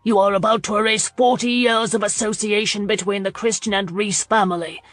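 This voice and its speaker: A woman's voice: lowish voice, fairly even intonation, unhurried, a bit bright, no echo. A woman reader voicing a furious older earl who roars and blusters. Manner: angry, blustering delivery.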